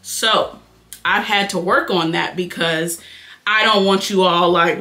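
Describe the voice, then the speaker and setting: A young woman with a nasal Detroit accent chatting fast and casually to her viewers while doing her makeup at home. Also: on the low side, fairly even intonation, pushed and bright. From Detroit, Michigan. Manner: fast-talking, chatty, addresses viewers as y'all. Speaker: beauty vlogger.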